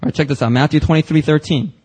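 A man's voice: fairly high pitch, racing, a little mellow, slightly rough, rough recording. A man preaching a church sermon, emphatic and casual, with slang and rising intensity on quoted passages. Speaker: pastor. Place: church service.

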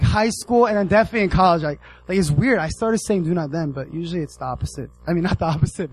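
A young American man giving a casual, animated sermon, acting out the characters in his story. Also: sits high, rough recording. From United States. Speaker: preacher.

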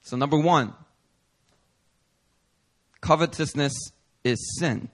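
A male pastor preaching a sermon in a playful, animated way with casual slang. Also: fairly high pitch, slow pace.

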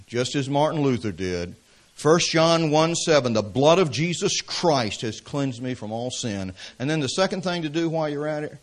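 A man with a Southern American accent from Atlanta, preaching a sermon as pastor, mixing emphatic exhortation with storytelling asides. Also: medium pitch. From Atlanta, Georgia, US. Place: church service.

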